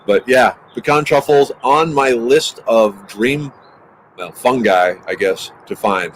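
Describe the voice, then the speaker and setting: A man hosting a casual outdoor livestream, talking extra loud into a handheld microphone. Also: mid-range voice, animated, unhurried, a little hiss or hum, poor audio. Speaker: livestream host. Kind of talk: casual livestream chat greeting viewers. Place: outdoors near a busy highway. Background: birdsong.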